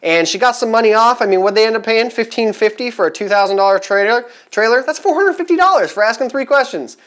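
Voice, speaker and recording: A man's voice: high-pitched, animated, fast talker, fairly bright tone. A man talking casually to camera in a vlog, chatty and rambling with many fillers, upbeat and eager. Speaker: vlogger giving resale advice.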